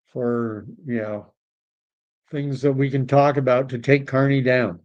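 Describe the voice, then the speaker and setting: A man's voice: mid-range voice, fairly even intonation, takes it slowly, darkish tone. A Canadian man hosting a political livestream, chatting casually and rambling as he reacts to messages from viewers. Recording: dull lo-fi stream audio.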